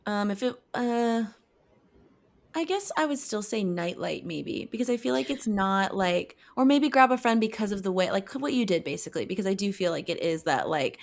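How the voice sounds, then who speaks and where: A woman's voice: medium pitch, lively intonation, moderate pace, creaky. A young woman co-hosting a podcast, chatting casually and hedging a lot as she talks. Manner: chatty, hedging, frequent "like" and "I don't know". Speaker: podcast co-host. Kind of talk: casual chat.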